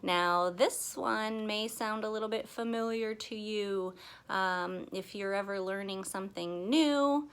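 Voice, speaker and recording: A young woman who teaches little children talks slowly and with care. Her voice sits at a middle pitch. She is playful and gentle, breaking into small songs and make-believe with her class. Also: clean tone. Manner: slow, gentle and playful, sings and acts out the class. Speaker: pre-K teacher. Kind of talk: children's lesson video.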